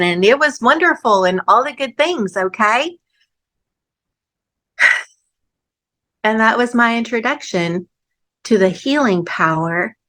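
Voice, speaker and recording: Middle-aged woman, podcast host, lively storyteller who acts out the voices of others and laughs often, mid-range pitch. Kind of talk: personal storytelling.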